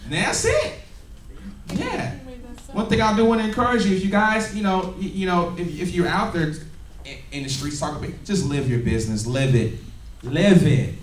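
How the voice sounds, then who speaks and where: Energetic man training a crowd. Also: sits high, normal speed, recorded from a distance, slight background noise. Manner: energetic, laughing, call-and-response with audience. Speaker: business trainer. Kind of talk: motivational training talk. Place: meeting room with audience. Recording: echoey room, recorded from afar.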